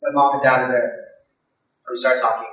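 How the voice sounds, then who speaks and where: Male stand-up comic, chatty with lots of fillers, forceful bright tone, heard from far off in a very echoey room. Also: mid-range voice, flat delivery, a little fast. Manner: chatty, with many fillers and loud mimicking voices. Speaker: stand-up comedian. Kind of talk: stand-up comedy set. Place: live comedy venue.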